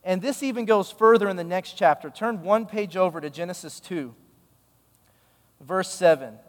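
A man's voice: high voice, moderate pace, big-room sound. A male pastor giving a sermon, telling a story in a conversational, emphatic way.

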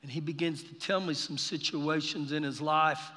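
A man preaching a sermon during a live church service, telling stories with passion and building to shouts. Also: a little high, fairly even intonation, moderate pace. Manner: impassioned, storytelling, swells to shouting. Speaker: pastor. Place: church sanctuary. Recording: live service in a reverberant hall.

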